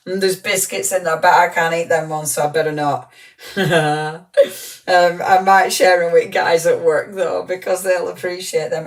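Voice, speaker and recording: A woman's voice: lowish voice, fairly even intonation, moderate pace, distant mic, low-quality recording. A woman presenting a live craft show in a chatty, gushing, rambling way, full of ums and little laughs.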